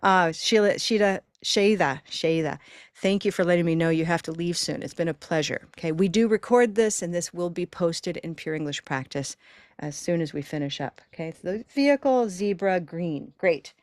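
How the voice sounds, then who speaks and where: A woman teaching pronunciation in a live online class, encouraging her students and stretching words out slowly to demonstrate the sounds. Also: on the low side, dry recording, studio quality. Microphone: video call.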